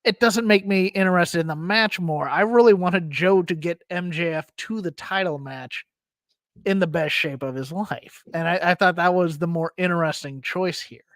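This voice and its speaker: A man co-hosting a podcast, opinionated and quick to cut in with his own take. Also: high-pitched, a bit bright, no room sound, clean studio sound. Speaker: podcast co-host. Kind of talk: casual wrestling commentary.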